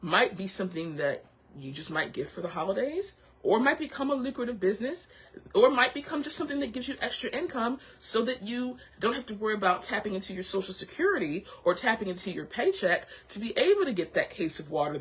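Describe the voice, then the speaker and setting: A woman's voice: mid-range voice, slightly rough, rough recording. A woman hosting a casual motivational chat, encouraging and heartfelt, who thinks aloud with frequent restarts and repeats her reassurances. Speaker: host.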